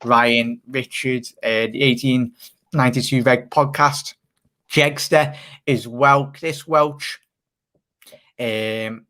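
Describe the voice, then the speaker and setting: A man hosts a relaxed live stream. He chats casually and reads fan comments aloud, laughing easily and calling viewers "mate". His voice sits at a middle pitch. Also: slow pace. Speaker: channel host.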